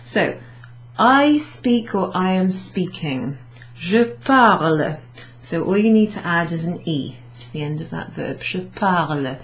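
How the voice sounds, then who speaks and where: A woman teaching a beginners' French class, explaining slowly and patiently with many ums and repeated French words. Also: lowish voice, lively intonation, poor audio. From United Kingdom. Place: pub function room, recorded lesson.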